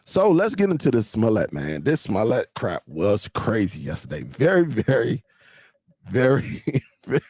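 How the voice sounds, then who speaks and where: A man's voice: lowish voice, wildly swooping pitch, measured pace, darkish tone, no room sound. A man hosting a casual live-stream show, talking loosely to his viewers and laughing often.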